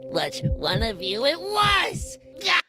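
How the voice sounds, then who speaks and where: A woman's voice: huge pitch swings, slow pace, bright, forceful tone, a little hiss or hum, heavily acted. A woman voicing a scornful, cackling woman politician in a political cartoon. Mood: accusing. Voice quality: shrill cackling laugh.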